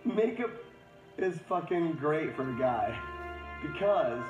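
A drunk man playing a brash young male rock bassist who talks in a cocky, profane way. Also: lively intonation, slow. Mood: boastful. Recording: roomy, dull playback with music.

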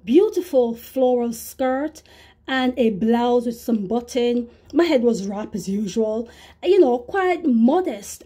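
A woman's voice: on the high side, mellow. A woman preacher earnestly recounting a vision, repeating herself as she tells the story. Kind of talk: testimony to camera.

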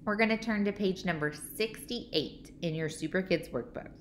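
A woman's voice: fairly low pitch, moderate pace, a little hiss or hum. A woman teacher giving a phonics lesson to young children, patiently repeating each word and answering her own questions.

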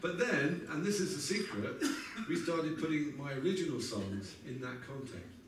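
A man's voice: fairly high pitch, animated, moderate pace, a little hiss or hum. An older man with a slightly raised voice spins wry anecdotes to a live audience. He chuckles at his own stories and slips into bits of song. His voice rings around a very echoey room from some distance, with guitar in the background. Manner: chatty and wry, laughs at his own stories, breaks into sung snatches. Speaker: singer-songwriter telling stories on stage. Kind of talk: anecdotal storytelling between songs. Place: live music venue.

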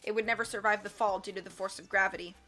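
A calm, clever teenage girl inventor, read by a woman narrator, steady and quietly sly. The tone is bright and crisp, with faint music behind. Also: mid-range voice, fast talker, lightly acted.

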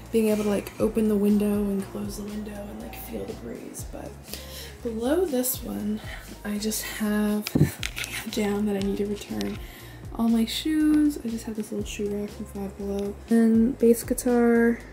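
A college student in her early 20s, with a mellow, mid-range voice, fairly even intonation and normal speed, casually shows off her small dorm room in a chatty vlog. She uses lots of "like" and says she's winded. Music plays under her voice.

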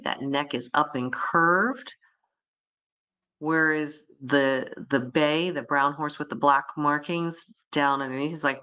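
A woman veterinarian giving a webinar lecture, lively, who voices the animals' thoughts in quick quoted asides. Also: deep voice, highs cut off.

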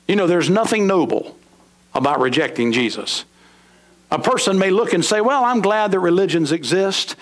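Fervent preacher man, pitch swinging high. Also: very animated, fairly bright tone. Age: middle-aged. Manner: preaching with sudden swings between high emphatic lines and low slow drops. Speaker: pastor. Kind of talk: sermon. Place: church sanctuary.

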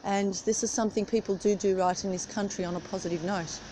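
A woman's voice: mid-range voice, fairly even intonation, fast talker. A middle-aged woman chatting casually while she walks outdoors in the cold, rambling from one thought to the next as she films on her phone. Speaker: vlogger. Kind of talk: casual chat. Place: outdoors on a street at early morning. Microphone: phone camera held while walking. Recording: street traffic noise behind.

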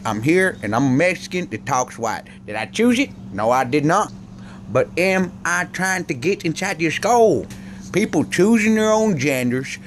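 A man's voice: medium pitch, a little hiss or hum. A man delivering a rambling, profane comedic rant, repeating himself as he goes. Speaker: comedic vlogger.

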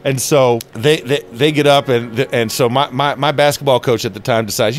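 A man's voice: mid-range voice, moderate pace. A man in an interview, telling stories animatedly and acting out quotes in a raised voice, inside a stadium. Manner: animated storyteller, acts out quotes loudly. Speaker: interview guest, former football player. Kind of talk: storytelling interview.

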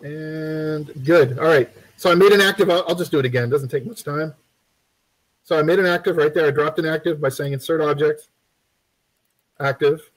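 A man walks viewers through building a game in a loose, live-streamed tutorial, talking in a fairly high register for a man. He rambles, restarts and fills pauses with ums, and he tosses off jokes to the chat as he works. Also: low-quality recording. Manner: rambling and chatty, many fillers and restarts; joking asides to the viewers. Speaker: game development instructor.

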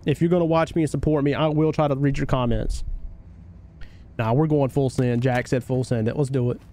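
Streaming a shooter live, this young man from North Carolina keeps up an excitable, chatty banter with viewers and loudly reacts to the game. His voice sits at medium pitch, with a slightly quick pace and a Southern twang.

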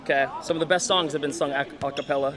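A man's voice: on the high side, steady tone, racing, crowd noise. A man guest at a live event, speaking in a rambling, mock-emotional way. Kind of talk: mock-earnest speech.

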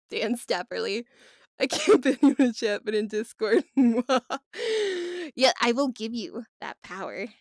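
A woman's voice: a little high, big pitch swings, slow, darkish tone, dry recording, clean studio sound. A woman hosting a casual livestream, playful and mock-dramatic, often breaking into laughter. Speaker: livestream host.

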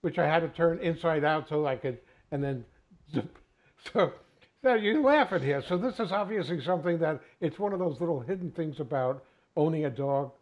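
An older man hosts a casual conversation, halting and repeating himself as he searches for words. His voice is somewhat high for a man, and the recording sounds a bit muffled. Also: lively intonation, a little mellow. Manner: hesitant, stumbling restarts. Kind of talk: casual panel chat.

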